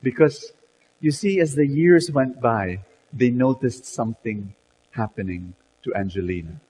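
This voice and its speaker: A man's voice: medium pitch, measured pace, darkish tone, long reverb tail, a little hiss or hum, rough recording. A man telling a story in a sermon, dramatic, with many repeated words and "you know"s.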